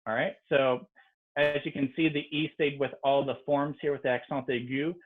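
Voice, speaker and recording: A man's voice: medium pitch, little pitch movement, normal speed. A man, a native English speaker, teaching an online French lesson in a casual, explanatory way with frequent ums. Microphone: video call. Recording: tinny video-call audio.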